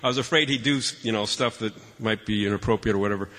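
A man's voice: on the low side, quick pace, a bit bright. A man telling funny family stories to an audience, chatty and self-mocking, often restarting his sentences. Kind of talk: personal storytelling talk. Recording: long reverb from a large hall.

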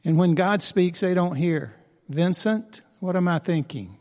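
A man's voice: sits high, a little slow, darkish tone, in a large hall. A man preaching a sermon as pastor, earnest and emphatic, repeating key phrases for weight.

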